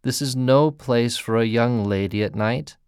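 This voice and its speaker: A man voicing a kind grown man who gently pleads and later gasps in terror. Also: mid-range voice, measured pace, clean tone, no room sound, clean studio sound, close to an everyday voice. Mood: gentle pleading. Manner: pleading, then panting and gasping.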